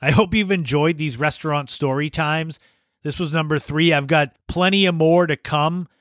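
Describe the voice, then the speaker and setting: Man, slightly high voice, casual storyteller, chuckling, dry close recording. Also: normal speed, fairly bright tone, dry recording. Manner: laughs while telling anecdotes. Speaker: podcast host.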